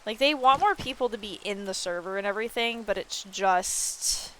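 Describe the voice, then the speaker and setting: A woman streamer chatting casually while she plays a building game, telling stories with animated, excited quoted reactions and swearing freely. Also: medium pitch, moderate pace, slight background noise. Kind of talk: casual chat while gaming.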